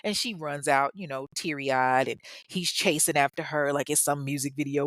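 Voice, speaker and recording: Brief: woman storyteller, low-set voice, dry close sound, blunt and sarcastic asides. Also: normal speed, hardly any pauses, fairly bright tone, no room sound. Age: adult parent. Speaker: true crime storyteller. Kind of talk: casual storytelling commentary.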